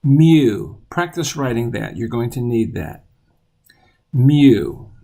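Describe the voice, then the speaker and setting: Man, children's teacher, patient, repeats each letter slowly, plain mid-pitched voice. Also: expressive, creaky, a little mellow. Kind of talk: children's alphabet lesson.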